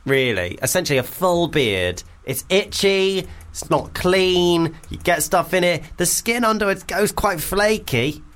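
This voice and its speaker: A man's voice: sits high, lively intonation, a little slow, few pauses, a bit bright. A man co-hosting a comedy radio show, bantering and laughing easily. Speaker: radio co-host.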